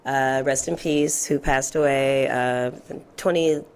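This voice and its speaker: A woman in her thirties with a raspy voice, talking reflectively as an interview guest, with many fillers. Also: very deep voice, fairly even intonation, unhurried. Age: 30s. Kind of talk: casual interview chat.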